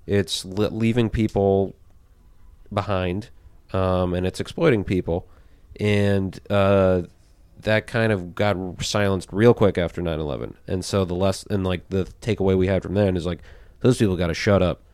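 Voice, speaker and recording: A man's voice: deep voice, steady tone, normal speed, a little mellow, clean tone, dry recording. A man in casual political commentary, rambling and emphatic, full of fillers and swearing.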